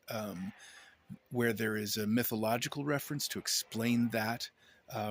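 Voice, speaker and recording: A man's voice: medium pitch, fairly bright tone. A man talking casually to his camera at home, rambling and wry, often breaking off mid-sentence. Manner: rambling, self-interrupting, wry. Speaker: vlogger. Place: indoors, at home.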